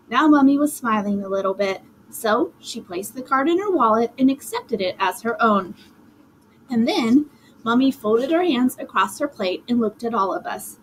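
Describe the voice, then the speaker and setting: A woman reading a children's storybook aloud in a lively, dramatic first-person telling. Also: on the high side, moderate pace, a little hiss or hum, rough recording. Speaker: audiobook narrator.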